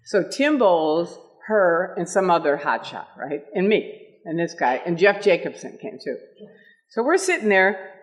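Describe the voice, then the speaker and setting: Lively woman in her sixties telling stories. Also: fairly low pitch, a little slow. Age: 60s. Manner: lively, laughing, acts out quotes. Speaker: ex-member speaking at a meetup. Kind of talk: animated storytelling talk.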